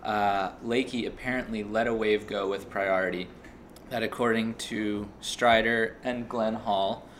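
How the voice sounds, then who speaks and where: Man, podcast host, lowish voice, casual talk, faint background noise. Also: steady tone, measured pace, fairly bright tone. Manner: chatty, swears casually.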